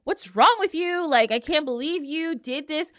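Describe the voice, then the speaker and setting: A woman's voice: sits high, normal speed, pushed and bright, no echo, voice pushed up. A selfish young hero, as a woman acts him out, who speaks in casual, slangy modern talk. The recording is close and dry. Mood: angry. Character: selfish young male hero, smug then panicked.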